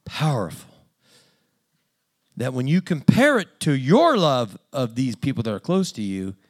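A man's voice: mid-range voice, sing-song, measured pace. A man preaching a conversational sermon in a plain-spoken, self-deprecating way with dry humor.

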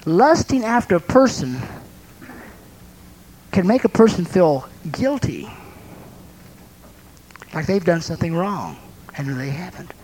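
A man with a noticeably high voice delivers a sermon. He tells everyday stories and acts them out with lively sound effects, pausing now and then to laugh. He sounds like a pastor who also counsels people. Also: a little hiss or hum, poor audio. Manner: laughs between points. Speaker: preacher and counselor.

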